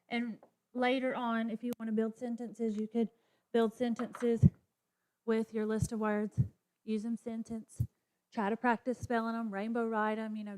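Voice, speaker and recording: A woman teacher with a higher, darkish-toned voice shows other teachers how to run a phonics lesson. In this professional development demonstration she sounds out letters and models classroom chants.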